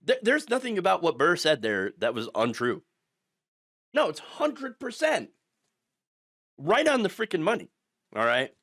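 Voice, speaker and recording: A man's voice: sits high, wildly swooping pitch, measured pace, pauses often, a bit bright. A middle-aged man ranting through political commentary, sarcastic and mocking, sometimes putting on the voices of his opponents.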